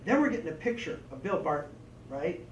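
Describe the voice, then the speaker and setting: A man training a group on storytelling, lively, acting out little voices and asides as he teaches. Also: on the high side, brisk, muffled recording. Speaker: presenter and trainer. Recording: echoey room, distant mic, faint noise.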